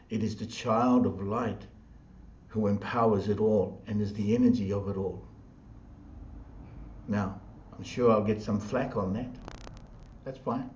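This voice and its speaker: New man, spiritual teacher, low dark voice, echoey dull recording. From New Zealand. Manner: slow, repetitive, chant-like phrasing. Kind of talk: spiritual talk. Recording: dull sound in an echoey room.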